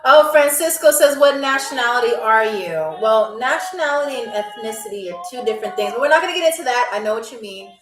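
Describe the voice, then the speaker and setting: A woman's voice: on the high side, lively intonation, fast, few pauses. A woman from New York hosting a live trivia game show, chatty and playful, talking straight to her viewers. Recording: echoey room, distant mic, faint music.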